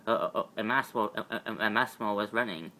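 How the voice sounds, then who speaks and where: A man's voice: on the low side, fast, sharp tone. A man performing a fan-made superhero audio drama, stammering heavily through repeated restarts. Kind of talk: amateur audio drama voicing.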